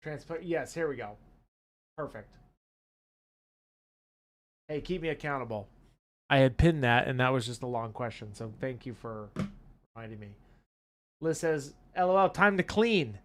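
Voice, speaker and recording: A man's voice: medium pitch, normal speed, pauses often. A man co-hosting a hobby live stream, reading viewer comments aloud and laughing easily. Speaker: co-host reading chat questions. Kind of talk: casual live-stream chat.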